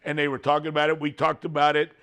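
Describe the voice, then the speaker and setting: A podcast host with a slightly higher pitch, eagerly telling a long anecdote in casual conversation. He speaks in a loose, chatty way and piles on details. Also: monotone, quick pace, a bit bright, clear, resonant tone. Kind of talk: casual storytelling.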